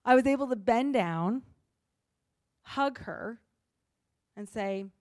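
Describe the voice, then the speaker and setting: A woman pastor giving a sermon in an earnest, expressive way, acting out the lines she quotes. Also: a little high, slow, no room sound, clean studio sound.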